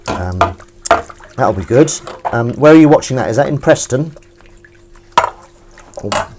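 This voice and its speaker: A man's voice: mid-range voice, animated, unhurried, background noise. A man chatting casually to a live-stream audience from his home kitchen while washing up, rambling and self-mocking.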